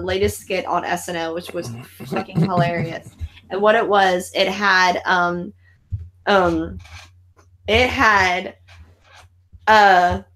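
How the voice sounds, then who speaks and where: A woman's voice: mid-range voice, poor audio. A woman hosting a casual late-night group chat over an online call, swearing freely and laughing often. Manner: profane, excitable, laughs a lot. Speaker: podcast host.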